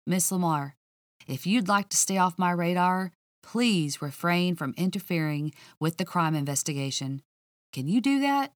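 A woman voicing a calm, teasing male police officer who speaks in a measured drawl. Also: on the low side, no echo, studio quality, lightly acted.

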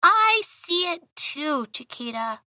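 Brief: high, bright cartoonish pup, slow teasing drawl, a woman puts it on for an audiobook. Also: big pitch swings, dry recording, studio quality, full character voice. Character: sassy little talking male dog.

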